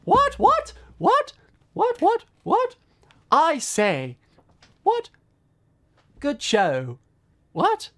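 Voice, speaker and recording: Rambling, self-deprecating video creator. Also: medium pitch. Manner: rambling, self-deprecating, many fillers and restarts. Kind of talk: casual commentary vlog.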